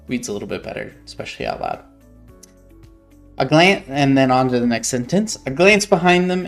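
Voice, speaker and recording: Guy w a raspy low-ish fry reading his novel out loud, explaining changes, kinda hesitant, keeps correcting himself. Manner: thoughtful, hesitant, self-correcting. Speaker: author. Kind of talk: reading and explaining his own book edits.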